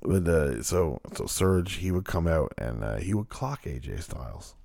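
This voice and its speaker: Low gravelly guy rambling on a podcast, dry close sound, swears a lot. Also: lively intonation, measured pace, a little mellow, no echo. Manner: rambling, loose, swears freely. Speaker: podcast co-host. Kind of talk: casual chat.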